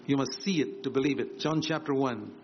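A man's voice: fairly quick, a little hiss or hum. A man preaching a sermon, emphatic and repetitive, lifting his voice for quoted words. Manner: emphatic, repeats key phrases, swings higher for quoted words. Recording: dull lo-fi sermon recording with faint ambience.

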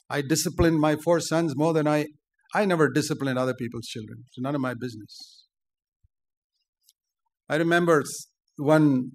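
An older man preaching a sermon, forceful and emphatic, rising to loud outbursts. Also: on the high side.

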